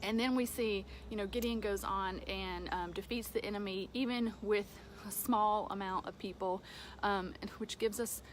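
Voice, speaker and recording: Woman, home devotional talk, conversational, mid-pitched voice, faint hiss behind. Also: fairly even intonation, moderate pace. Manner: conversational with fillers and soft laughs. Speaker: speaker giving a devotional. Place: home with a dog nearby.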